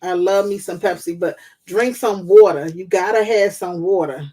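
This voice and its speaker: A woman's voice: lowish voice, moderate pace, dark tone. A woman hosting a casual live chat, giving blunt, profane, motherly advice. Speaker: host.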